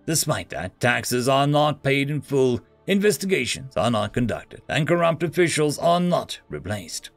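A man's voice: medium pitch, very animated, unhurried, gravelly, hardly any pauses, dry recording, faint music behind. A man voicing a proud, scheming female alien podmother who talks in a haughty, hissing way. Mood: knowing.

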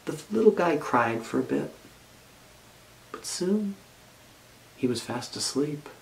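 A man's voice: on the high side, animated, slow pace, vocal fry, rough recording. A male pastor telling a children's story as part of his sermon, reading it aloud expressively.

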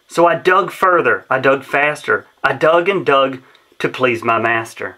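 A man's voice: medium pitch, animated, unhurried, pushed and bright. A man reading a rhyming children's story aloud in a rhythmic, sing-song way. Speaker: storybook reader.

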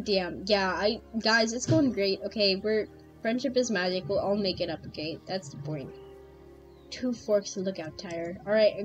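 A young woman streaming a game, chatting to her viewers in a loose, excitable way, laughing often. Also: mid-range voice. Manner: excitable, laughing, addresses chat. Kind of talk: casual game commentary.

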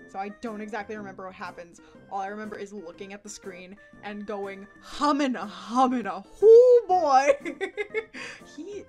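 A young woman chatting casually in a vlog, giggling often, rambling and swearing freely. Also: medium pitch. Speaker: anime vlogger. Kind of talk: casual chat.

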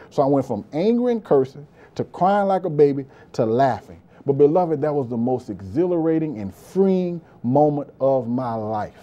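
With a fairly high, warm voice, a pastor delivers a fervent sermon, repeating points for emphasis and often calling out "beloved" and "praise God" to his listeners.

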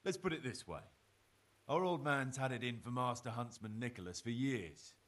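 Blunt young medieval villager, played by a man; gruff, matter-of-fact game dialogue, mid-pitched. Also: normal speed, a bit bright, natural voice.

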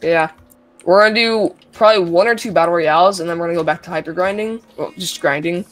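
A man co-streaming a video game, joking around and apologizing after loud panicky outbursts. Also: sits high, fast talker, soft background music. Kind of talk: casual gaming livestream chat.

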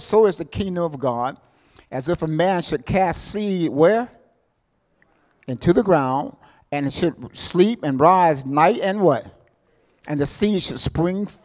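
A middle-aged man preaching a sermon as pastor, repeating his phrases, calling out for amens and swinging between loud bursts and quiet asides. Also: a little high, in a large hall. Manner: call-and-response, asks the congregation for amens; repeats words and phrases for emphasis.

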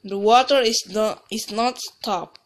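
A woman's voice: medium pitch, a little slow. A woman giving casual gameplay commentary as a let's play gamer, rambling and often restarting or trailing off mid-sentence.

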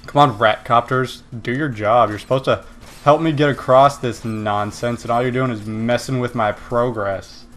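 A man's voice: mid-range voice, moderate pace, soft background music. A man casually commenting on his own gameplay, yelping and swearing at his failures and mocking other gamers. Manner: excitable, yelps and swears at failures. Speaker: let's play gamer.

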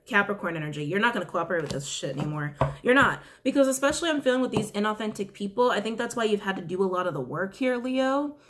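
Chatty woman giving a blunt tarot reading. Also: mid-range voice. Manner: chatty, repeats questions to the cards, swears freely. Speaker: tarot reader. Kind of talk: casual weekly tarot reading.

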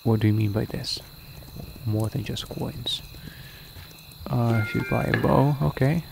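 A man's voice: mid-range voice, vocal fry, background noise. A man casually commenting on a strategy game as he plays, thinking aloud with many ums and reading out the game's prompts. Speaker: gaming video creator. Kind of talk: casual let's-play commentary.

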